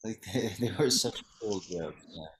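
A man's voice: on the low side, lively intonation, a little slow, a little hiss or hum. A young man co-hosting a casual podcast chat, rambling with lots of fillers and laughing as he talks. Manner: rambling, laughs while talking, frequent fillers. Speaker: podcast co-host.

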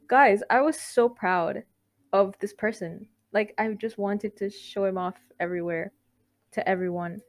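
A woman's voice: medium pitch, moderate pace. A young woman hosting a podcast, talking in a candid, heartfelt monologue that rambles, restarts itself and breaks into giggles. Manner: rambling, self-interrupting, giggly. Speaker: podcast host. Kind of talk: casual confessional monologue.

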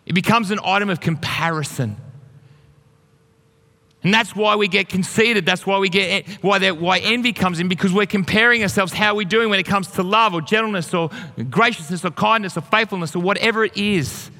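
A man's voice: sits high, a little fast, sharp tone. A man preaching a sermon as pastor, telling stories and encouraging his listeners earnestly. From Australia. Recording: long hall reverb.

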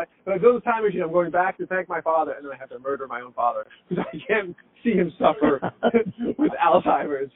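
A man co-hosting a podcast, firing off animated questions and swearing casually. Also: a little high. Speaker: podcast co-host. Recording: tinny phone-like sound.

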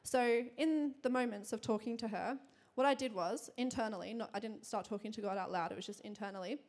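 A young woman giving a sermon to a congregation, telling a personal story in a chatty, quick way with lots of fillers and frequent laughter. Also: a little high, darkish tone. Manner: chatty, fast, laughing often, many fillers. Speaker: church speaker.

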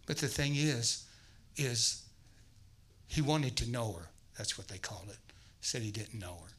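A man preaching as a guest, telling a story with lively gusto and acting out voices. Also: medium pitch, unhurried, a little hiss or hum, poor audio. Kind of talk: sermon.

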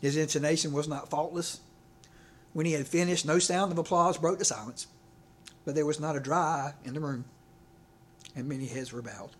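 A man's voice: a little high, fairly even intonation, normal speed, long pauses. A man preaching a sermon in a conversational way, often repeating words and asking the congregation for an amen. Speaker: pastor.

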